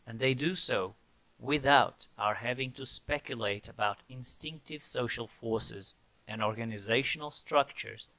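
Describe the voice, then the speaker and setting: A man presenting an explanatory video lesson as an animal trainer, speaking in a measured way and reading out cited sources. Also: mid-range voice, pushed and bright, rough recording.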